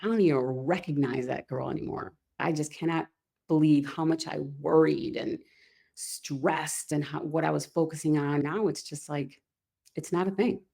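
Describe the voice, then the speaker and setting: Upbeat low-pitched woman, guest coach on an interview show. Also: steady tone, moderate pace, vocal fry, mellow, breathy edge. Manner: upbeat and chatty, often laughs. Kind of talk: casual podcast interview.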